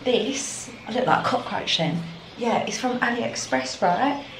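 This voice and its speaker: Speaking a little slowly in a fairly high voice, a young woman from London vlogs outdoors one evening. She's chatty and leans on "like" constantly, with reverb and background noise in the sound.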